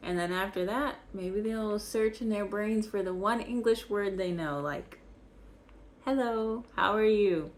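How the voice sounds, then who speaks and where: Slow, patient woman teaching words. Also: mid-range voice, a little mellow. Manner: patient, repeats each word slowly for learners. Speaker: French teacher. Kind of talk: slow vocabulary lesson.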